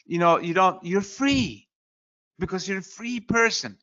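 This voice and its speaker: Here a motivational speaker, a man with a bright, high-pitched voice, talks in an unhurried way with lively intonation. He is earnest and insistent, repeatedly adding "you know" asides, and the recording comes across slightly dull and lo-fi.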